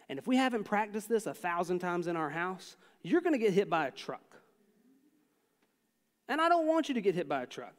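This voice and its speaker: A man preaching a sermon, telling animated stories and acting out his own shouts and soft talks. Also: sits high. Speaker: pastor. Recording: long hall reverb.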